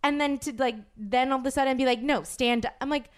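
A woman's voice: high voice, steady tone, quick pace, smooth. A woman hosting a podcast, telling a story in casual chat, acting out quotes and swearing freely. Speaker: podcast host.

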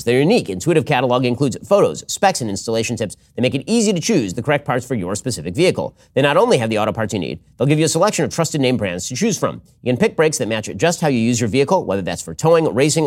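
A man hosting a political commentary show, talking fast and argumentatively, with a read ad segment. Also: mid-range voice. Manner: quick, animated, argumentative.

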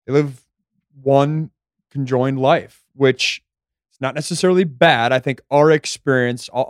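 A young adult man, a regular podcast guest, talking in a relaxed, reflective casual chat. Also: medium pitch, no echo, clean studio sound. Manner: relaxed, reflective, explains his view.

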